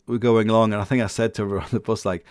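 A man's voice: on the low side, steady tone, racing, a little mellow, clean tone, no echo. A middle-aged man rambling casually as a podcast host, full of restarts and fillers, chuckling now and then.

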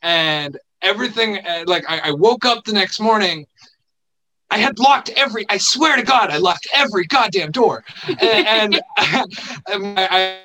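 Bright-voiced young man telling a story. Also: sits high, lively intonation, rough recording. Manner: halting, full of fillers and restarts, laughs often. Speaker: podcast guest telling a story. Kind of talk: casual storytelling chat.

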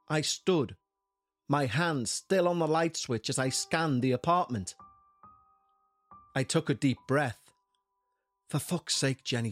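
A man narrating a first-person paranormal story in a scripted, tense delivery. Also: a little high.

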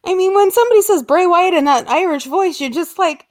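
Young woman chatting with a friend, high voice, acts out every quote. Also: a little slow, long pauses. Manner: animated storyteller, acts out quotes in exaggerated voices. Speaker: podcast co-host. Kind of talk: casual chat.

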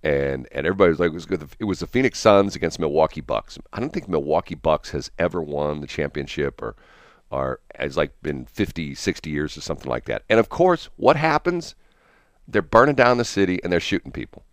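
A man's voice: extremely low pitch, lively intonation, fairly quick, no room sound, clean studio sound. A man hosting a casual morning radio chat, rambling and chuckling, restarting his sentences often. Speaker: radio host.

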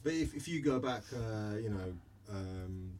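A man's voice: on the low side, lively intonation, unhurried, a little mellow, slight background noise. An Irish man co-hosting a casual chat, hesitant and often restarting his thoughts.

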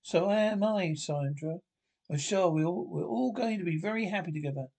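A man's voice: high voice, normal speed, gravelly, a little mellow. A man reading the part of a prim, nervous young stepmother from a script, speaking in his own voice and saying the cue names aloud. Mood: relieved. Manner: reads cue names aloud before lines.

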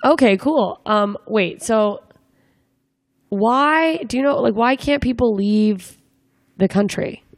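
A woman's voice: a little high, slow, dry recording, clean studio sound. A young woman interviewing a guest in a casual chat, asking rambling, joking questions with lots of fillers. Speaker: interviewer, comedian.

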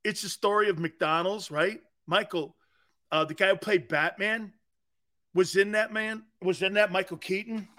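A man's voice: high-pitched, steady tone, normal speed, pushed and bright. A man hosting a sports radio show, talking in a rambling, jokey monologue, laughing often and slipping into silly voices. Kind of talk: animated sports talk monologue.

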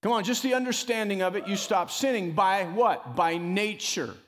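A man preaching a sermon as pastor, emphatic and animated, often rising loud and dropping to a near hush. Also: normal speed, big-room sound. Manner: emphatic preacher who rises and drops in pitch and loudness, calling "come on".

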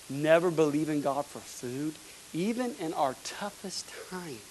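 A pastor from the United States, preaching a fervent sermon with emphatic repeated words. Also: male voice, on the high side, a little slow, a little hiss or hum, low-quality recording.

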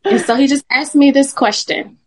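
A woman telling her personal faith story as a podcast guest. Her voice sits a little high, and she tells it with animation, often laughing. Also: normal speed, a little mellow.

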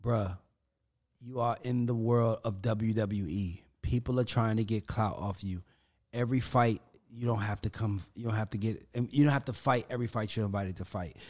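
A man's voice: on the low side, moderate pace. A man talking casually as a podcast guest, telling stories with energy, acting out the quotes and cursing freely. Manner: animated storyteller who acts out quotes, curses freely.

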